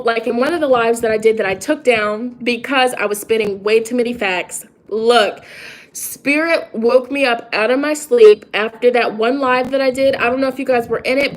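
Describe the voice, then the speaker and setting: A young woman talking casually on a phone livestream as a tarot reader and spiritual coach. She is chatty and preachy and often interrupts herself. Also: fairly high pitch.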